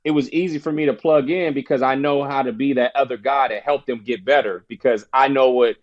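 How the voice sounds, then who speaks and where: A man's voice: medium pitch, steady tone, a little fast, muffled recording. A man telling a personal story as a podcast guest, acting out the voices of the people he quotes. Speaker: podcast guest, former basketball player. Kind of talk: casual storytelling interview.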